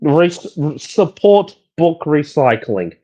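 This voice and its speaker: A man's voice: fairly high pitch, sing-song, very slow, warm tone, dull audio. A man co-hosting a casual book-talk podcast, talking animatedly with stumbling restarts. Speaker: podcast co-host. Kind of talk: casual chat.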